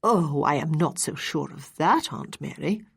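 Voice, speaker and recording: A woman voicing an earnest, steady Regency lady and mother in an audiobook, speaking in a measured way. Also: low voice, gravelly, breathy edge, exaggerated voice.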